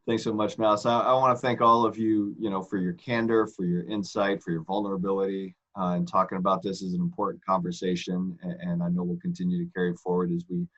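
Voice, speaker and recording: A man moderating a panel on a video call, brisk and appreciative as he passes the word along. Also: low-pitched, little pitch movement, fairly bright tone. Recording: dull lo-fi call audio.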